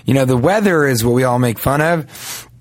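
A man co-hosting a comedy podcast, telling rambling stories in casual banter and mocking people with quick impressions. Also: medium pitch, lively intonation, dry recording.

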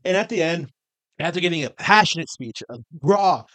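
A man co-hosting a podcast in casual, profane chat, animated and laughing between lines. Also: a little high, normal speed. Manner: animated, laughing asides, swings loud and quiet. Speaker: podcast co-host.

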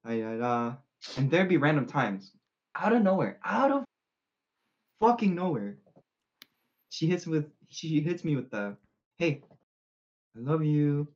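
A man's voice: a little high, sing-song, muffled recording, slight background noise. A young man on a casual podcast, talking earnestly and sincerely about his partner. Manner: earnest, sincere, drawn-out phrasing. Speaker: podcast co-host. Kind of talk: casual chat.

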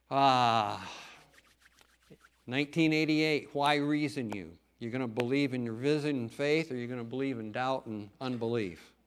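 A man's voice: medium pitch, clear, resonant tone. A middle-aged man, a farmer and lay preacher, giving an earnest, folksy testimony talk in church with emphatic stresses.

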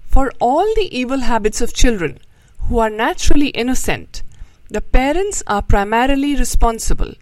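A woman host reading a children's story aloud, then giving a gently moralizing talk to listeners. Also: a little high, dry recording, poor audio. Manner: slow, expressive, gently moralizing.

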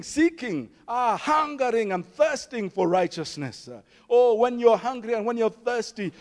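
Kenyan man preaching, high voice, reverberant hall, rising and falling emphasis. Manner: preaching with emphatic rises and soft drops, storytelling. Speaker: pastor. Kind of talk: sermon.

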